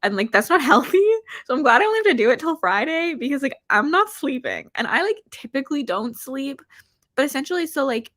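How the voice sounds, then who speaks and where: A woman's voice: high voice, very animated, a little fast, fairly bright tone, no echo, clean studio sound. A woman hosting a casual book livestream, chatting and reading out viewer comments, rambling and self-deprecating. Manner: chatty, rambling with frequent "like" fillers. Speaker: booktuber hosting reading sprints.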